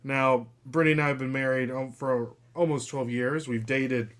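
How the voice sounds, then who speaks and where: A man in his thirties hosts a relaxed, chatty podcast at a mid pitch. His talk is loose and full of fillers. Now and then he breaks off to coax his dog. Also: moderate pace. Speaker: podcast host. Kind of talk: casual live podcast chat.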